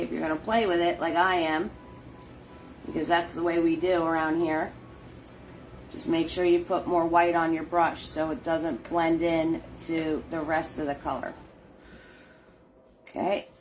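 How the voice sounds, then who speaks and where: Middle-aged woman, unhurried and chatty; live painting host who laughs easily and greets her viewers. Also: deep voice, fairly even intonation, a little hiss or hum. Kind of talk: casual live painting instruction.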